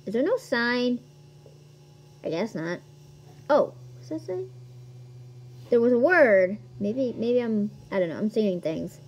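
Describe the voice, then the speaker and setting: Excitable high-voiced woman gaming. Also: takes it slowly, slightly rough, muffled recording. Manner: excitable, gasps and squeals at discoveries. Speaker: gaming video host. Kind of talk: casual gameplay commentary.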